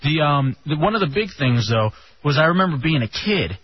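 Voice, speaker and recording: Lively young man telling stories on radio. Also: fairly high pitch, brisk, slight background noise. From Texas. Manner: animated storyteller, casual swearing. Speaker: radio show host. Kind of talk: casual radio chat. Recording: dull lo-fi radio sound.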